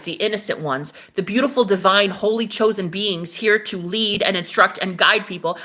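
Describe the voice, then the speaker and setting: A woman's voice: a little high, sharp tone. A woman hosting a spiritual livestream, delivering a fiery, profane, preachy rant straight to her viewers. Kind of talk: ranting livestream monologue.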